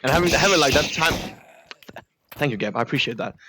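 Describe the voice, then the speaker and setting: A man telling long deadpan joke stories that all end on the same pun, rambling with many fillers and restarts. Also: medium pitch, fast, slight background noise. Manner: rambling, filler-heavy, repeats the same punchline. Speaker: joke teller.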